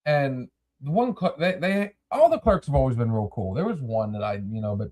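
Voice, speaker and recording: Animated, swearing podcast host man. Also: mid-range voice, brisk. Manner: animated, swears freely, rambling restarts. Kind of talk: casual storytelling chat.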